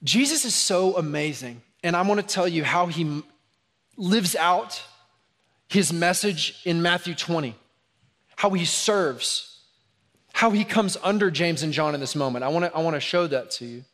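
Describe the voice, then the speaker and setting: A man preaching a sermon in a church, animated, acting out sarcastic asides before dropping to a hushed, intense tone. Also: fairly high pitch, moderate pace. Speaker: pastor. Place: church sanctuary.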